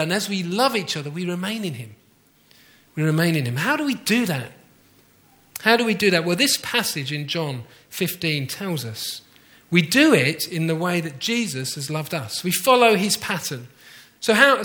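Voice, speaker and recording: A middle-aged man delivers a warm, conversational sermon with a bright, forceful tone. His voice sits slightly high for a man, and he slows down to repeat his key lines. He keeps turning questions back to the congregation. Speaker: pastor.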